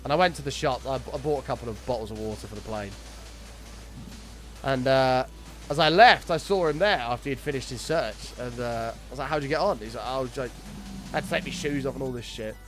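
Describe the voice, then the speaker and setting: A man's voice: mid-range voice, faint music behind. A young man streaming a game, chatting with his viewers and telling long, sweary stories in a casual way. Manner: chatty storytelling, sweary, quick to greet viewers. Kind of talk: casual chat with live chat while gaming.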